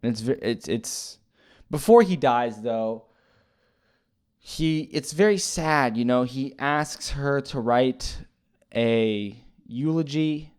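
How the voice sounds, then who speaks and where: A man's voice: medium pitch, a little mellow, smooth. A man casually retelling a movie plot as a reviewer, rambling and hesitant with many fillers and restarts. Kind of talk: casual spoken movie recap.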